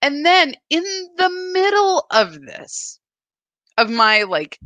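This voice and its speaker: This woman's voice is fairly high, very animated and a bit bright, though her pace is slow, and there's no echo. She guides a live spiritual practice in an earnest, confessional, questing way.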